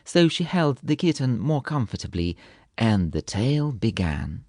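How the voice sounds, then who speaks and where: A man narrating a children's storybook in an expressive, gently playful reading. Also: mid-range voice, normal speed, dry recording, studio quality. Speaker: audiobook narrator.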